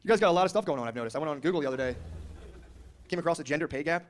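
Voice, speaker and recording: A man's voice: on the high side, expressive, racing. A man doing a stand-up comedy set, brash and crude, talking casually and slipping into mocking voices.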